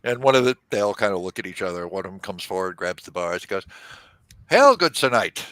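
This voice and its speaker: A man narrating a tabletop role-play game as game master, in an animated storytelling manner. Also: sits low, fast, smooth, no echo.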